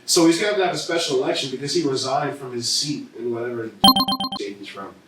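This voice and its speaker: A man's voice: medium pitch, quick pace. A man co-hosting a comedy podcast, riffing through casual banter and slipping into put-on voices. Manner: riffs on bits and slips into put-on voices. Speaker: podcast co-host. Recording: roomy echo, distant mic, faint noise.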